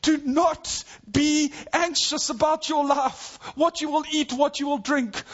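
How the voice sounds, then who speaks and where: A man preaching a sermon to his church, earnest, dropping to a soft hush in tender passages. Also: very high voice, highs cut off. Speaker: pastor.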